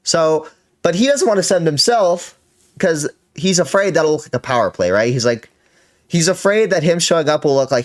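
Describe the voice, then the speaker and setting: A man's voice: fairly high pitch, lively intonation, moderate pace. A man hosting a reaction stream, giving casual, profane commentary that rambles and corrects itself.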